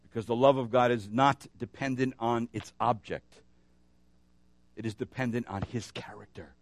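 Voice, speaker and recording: Animated male pastor preaching a sermon. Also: medium pitch, moderate pace, no echo. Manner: animated preaching with rising emphasis and storytelling asides.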